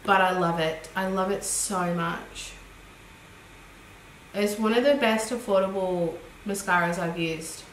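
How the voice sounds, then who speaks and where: Speaking a little slowly in a medium pitch, an Australian woman vlogs about beauty, reviewing makeup in a chatty, giggly, easygoing manner and thinking aloud. The recording picks up room echo and faint noise.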